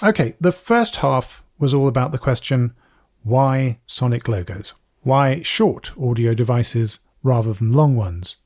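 A man's voice: mid-range voice, animated, darkish tone, no room sound, studio quality. Thoughtful man hosting a podcast. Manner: thoughtful, explanatory, measured. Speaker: podcast host. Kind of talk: scripted podcast narration.

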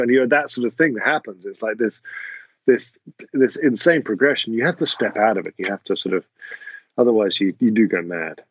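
An English man, a music producer, answering interview questions in a halting way with many restarts. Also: fairly low pitch, dry recording, highs cut off. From England. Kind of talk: casual interview talk.

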